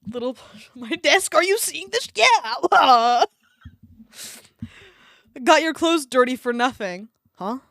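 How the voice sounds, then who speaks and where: A woman's voice: high-pitched, animated, slow pace, pauses often, a bit bright, dry recording, clean studio sound. A woman streamer reading fan fiction aloud on a live stream, often breaking off to laugh and react to her chat, with a desk microphone.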